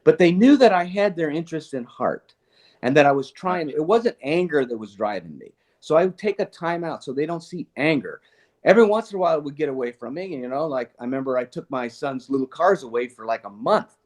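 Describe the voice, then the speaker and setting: Older man with a higher voice, telling earnest anecdotes. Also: brisk. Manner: earnest, animated, laughs often, restarts sentences. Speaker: guest speaker, retired police chief. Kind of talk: casual conversational storytelling.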